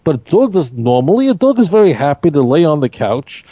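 A man leads a Torah study class, emphatic and animated, with rhetorical questions. His pitch swoops up and down a lot, and his tone is mellow and rather high. The sound is dry and close. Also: brisk, no echo, highs cut off. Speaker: Torah teacher.

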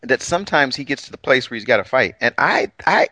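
A middle-aged man co-hosting a casual talk about scripture, animated and teasing, often laughing. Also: medium pitch, fairly quick, dry recording. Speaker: co-host of a scripture talk show.

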